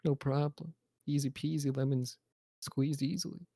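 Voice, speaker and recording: Teasing man with a mellow, gravelly voice. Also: a little high, steady tone, normal speed, dry recording. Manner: teasing banter. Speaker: podcast co-host. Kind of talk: casual chat.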